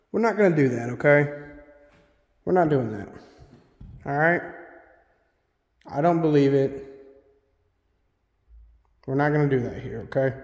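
A man's voice: on the high side, a little mellow. Man ghost hunting in an echoey room. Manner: casual, calls out questions to spirits. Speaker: solo ghost hunter host. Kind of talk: paranormal investigation vlog. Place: old schoolhouse indoors.

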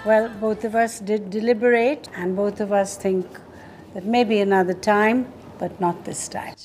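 Woman, pageant judge, medium voice, soft music behind, measured. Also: medium pitch, steady tone. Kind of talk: reality show judging.

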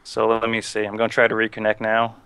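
A young man co-hosting a casual online show, explaining things haltingly with many fillers while gaming. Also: on the low side, monotone, fairly bright tone, clean tone, no echo. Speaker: podcast co-host.

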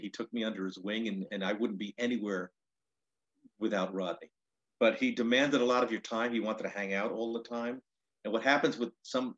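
Comedian guy rambling through old road stories, lotsa you-knows, lowish voice, kinda dull lo-fi audio. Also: husky. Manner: rambling, with frequent restarts and 'you know'. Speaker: stand-up comedian, interview guest. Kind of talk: casual storytelling.

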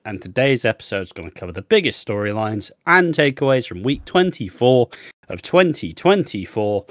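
A man's voice: medium pitch, no room sound. Dry-sounding man hosting a chatty podcast. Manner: chatty, swears freely. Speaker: podcast co-host. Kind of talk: casual podcast chat.

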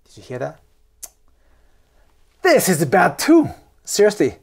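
Japanese man with accent, animated and emphatic, explaining culture to camera, acts scenes out. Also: sits high, slow, gravelly, slightly rough. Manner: emphatic, repeats "okay?" and "seriously", acts out examples. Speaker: cultural commentator. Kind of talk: casual explainer talk.

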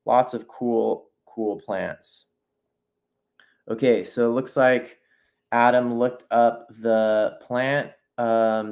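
A man talks through a painting lesson in a relaxed, improvised way, often stopping mid-thought and starting his sentences again. His tone stays friendly and encouraging as he invites viewers to sketch with him. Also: medium pitch. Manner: thinks aloud, breaks off and restarts sentences. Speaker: nature journaling instructor. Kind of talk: casual live painting demonstration.

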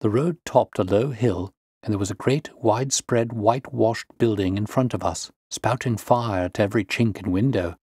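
Male storyteller, measured audiobook narration, low voice. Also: darkish tone, slightly rough, no room sound, clean studio sound.

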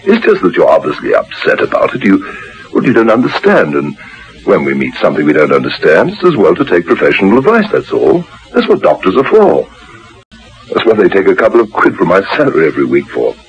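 A cheerful young husband who teases and soothes in turn. His low voice swings widely in pitch. The sound is muffled, from an old radio recording. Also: wildly swooping pitch, fairly quick, a little hiss or hum, full character voice. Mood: reassuring. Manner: teasing, reassuring. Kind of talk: 1950s radio drama acting.

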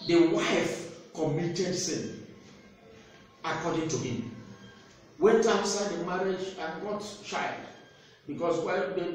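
A man's voice: on the high side, slight background noise. A man preaching an emphatic commentary sermon as a TV host. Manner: emphatic, rising and declaiming. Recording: echoey room, distant mic.

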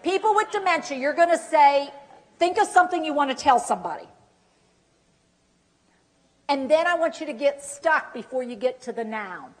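Woman, dementia care trainer, workshop lecture, animated, acts out examples, somewhat high voice. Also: normal speed, long pauses.

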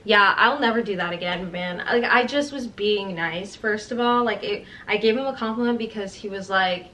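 A woman's voice: medium pitch, normal speed, bright, forceful tone. A woman in her twenties telling work stories in a casual vlog, rambling with lots of "like" and acting out the quoted dialogue. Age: 20s. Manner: chatty, rambling with many "like"s, acts out quoted dialogue. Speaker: vlogger. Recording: slightly distant mic with faint background noise.

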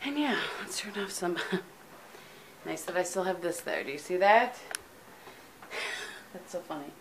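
A woman's voice: fairly low pitch, lively intonation, unhurried, background noise. A middle-aged woman from the United States, chatting casually in a home vlog with lots of ums, tired and sleepy, recorded on a camera mic. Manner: chatty, rambling, frequent ums. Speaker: vlogger.

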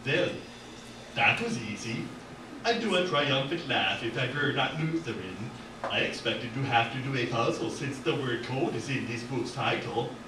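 A man voicing a tall, pale, cold villain in a robe, with a slow, mournful, put-on Swedish accent, read aloud at an open mic. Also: medium pitch, background noise, close to an everyday voice. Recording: echoey gallery from far off.

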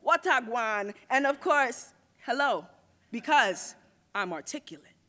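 Woman spoken word poet, high voice, rhythmic rhyming delivery, live on stage. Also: expressive, slow, background noise. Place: stage at a university event.

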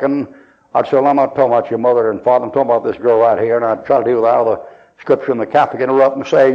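A man's voice: mid-range voice, racing. A man preaching a sermon, telling folksy stories and acting out the other people's lines. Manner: folksy, animated storytelling with quoted voices. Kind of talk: storytelling sermon. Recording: dull lo-fi archival sermon tape.

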